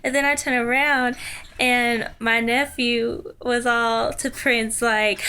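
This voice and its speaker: A young woman tells a story to a webcam in a chatty, excited way, full of ums and likes. Her voice is bright and forward. A faint hiss sits under the recording. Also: a little high, measured pace. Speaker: vlogger. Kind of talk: casual storytelling vlog.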